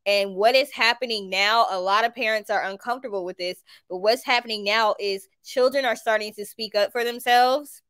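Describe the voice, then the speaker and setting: A woman's voice: a little high, moderate pace, hardly any pauses, fairly bright tone, smooth, no echo. A woman with a Southern US accent giving a tarot reading to viewers, talking emphatically and repeating her points. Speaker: tarot reader.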